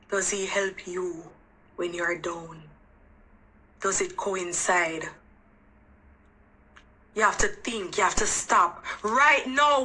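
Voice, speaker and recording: A woman's voice: medium pitch, bright, forceful tone, poor audio. A woman with a Jamaican accent giving earnest, emphatic relationship advice straight to camera, pressing the listener with questions. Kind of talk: direct-to-camera advice monologue.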